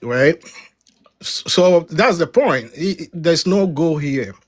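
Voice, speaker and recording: An emphatic man from Africa speaks on a heated debate panel. His voice sits a little high for a man, and he repeats words and presses his points hard. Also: lively intonation, slow. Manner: emphatic, repeats words when cutting in, rising pitch on key points.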